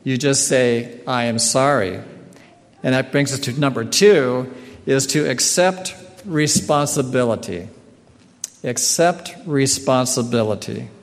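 A man giving a sermon in a slow, earnest way, often clearing his throat. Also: medium pitch. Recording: long hall reverb.

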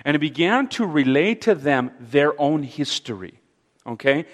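A man leading an interactive Bible study, speaking haltingly with fillers and repeated words and putting questions to his audience. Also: fairly high pitch, sing-song. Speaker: Bible teacher. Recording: long reverb of a large hall.

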